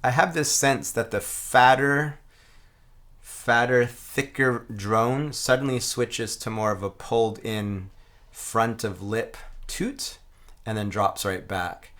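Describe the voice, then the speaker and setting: A man teaching a didgeridoo rhythm, calmly explaining and chanting the rhythm syllables aloud. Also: mid-range voice, takes it slowly. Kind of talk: explaining a playing technique.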